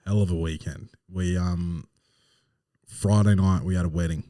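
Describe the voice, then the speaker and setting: Aussie guy hosting a podcast, low voice, brags and jokes around, swears heaps. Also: fairly even intonation, normal speed, dark tone, no echo, clean studio sound. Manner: boastful, joking, swears freely. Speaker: podcast host. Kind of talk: casual podcast chat.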